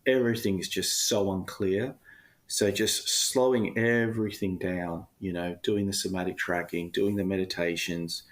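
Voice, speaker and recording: A man's voice: deep voice, fairly even intonation, moderate pace. A man talking candidly as a podcast guest, rambling with lots of fillers and turning emotional when he talks about himself. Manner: candid, rambling, frequent fillers, occasional laughs. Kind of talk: casual personal storytelling.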